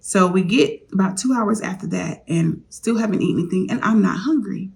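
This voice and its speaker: A woman's voice: mid-range voice, brisk, gravelly, darkish tone, slight background noise. A woman vlogger candidly telling a personal story, confiding straight to her viewers.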